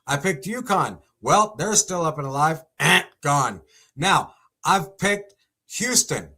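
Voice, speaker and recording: A young man hosting a casual sports commentary segment, talking in an excitable, exclamatory way. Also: fairly high pitch, slow, husky.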